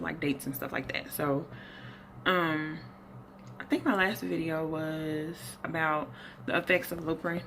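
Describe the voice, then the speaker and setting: Low, gravelly-voiced woman vlogging casually. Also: slight background noise. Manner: rambling, self-correcting, animated retelling. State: slightly out of breath. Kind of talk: casual health update vlog. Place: at her desk indoors.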